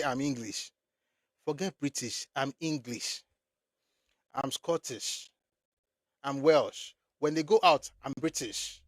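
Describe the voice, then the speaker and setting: A man's voice: on the high side, dry recording. Blunt Nigerian man, dry close sound. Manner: blunt and emphatic, repeats phrases for effect. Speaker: commentator. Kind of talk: political commentary monologue.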